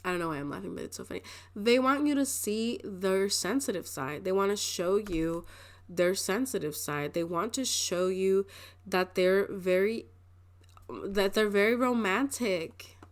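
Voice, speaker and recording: Speaking a little slowly in a mid-range voice, this young woman reads tarot in a casual pick-a-card format. She's chatty and rambles, frequently laughing and starting her sentences over.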